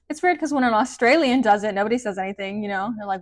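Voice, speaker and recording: Racing along with few pauses, a woman with a medium-pitched voice delivers a casual tarot reading in studio-quality sound without echo. She rambles, keeps saying "like," and ends her sentences in a sing-song tone.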